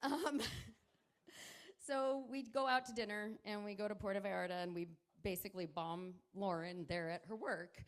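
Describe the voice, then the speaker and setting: A woman's voice: mid-range voice, steady tone, moderate pace. A middle-aged woman, the groom's mother, giving a wedding toast at a reception, rambling and laughing through tears.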